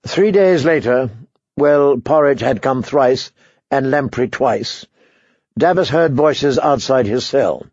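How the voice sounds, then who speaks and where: A man narrating a story as an audiobook reader, in a measured, even way. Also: mid-range voice, no echo, lo-fi sound. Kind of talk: scripted narration.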